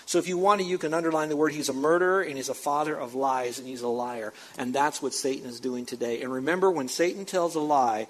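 A male pastor preaching an emphatic sermon, repeating words for stress and swinging between loud and soft. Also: medium pitch, fast, hardly any pauses. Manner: emphatic, repeats for stress, rises and drops loudness.

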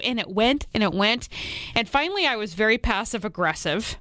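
A woman's voice: a little high, very animated, brisk, fairly bright tone, dry recording, studio quality. A woman co-hosting a morning radio show, telling stories in a playful, giggly way. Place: radio studio.

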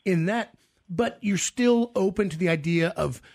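A male radio host with a gravelly, husky voice, pitched a little high for a man. He talks haltingly and repeats words as he goes, recorded close and dry. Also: a little mellow, no echo. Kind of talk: casual radio interview chat.

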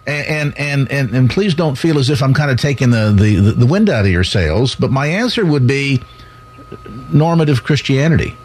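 A man's voice: mid-range voice, expressive, moderate pace, a little mellow, slightly rough. A man hosting a radio talk show, speaking in a reflective, articulate way with some stammering. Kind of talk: radio interview.

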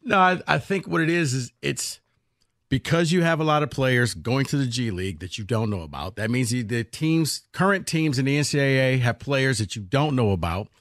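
A man's voice: medium pitch, animated, normal speed, a bit bright, dry recording. Man, casual sports podcast co-host, conversational, dry close mic.

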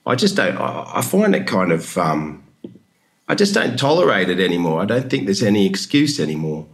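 A man's voice: low voice, big pitch swings, moderate pace. A man answering a question in conversation, hesitant with stammering restarts. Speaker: guest. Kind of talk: casual conversation.

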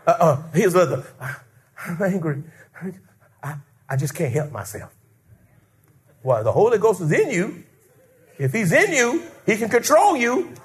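Male pastor, high-pitched and animated, lively sermon delivery with acted-out quotes. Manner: animated, call-and-response preaching with acted-out quotes.

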